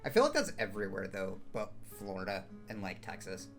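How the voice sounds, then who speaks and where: A man's voice: fairly low pitch, wildly swooping pitch, a little fast, creaky, faint music behind. A man co-hosting a casual podcast from his home, giving short, dry replies and swearing now and then. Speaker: podcast co-host. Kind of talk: casual chat over a call. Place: home in Pennsylvania.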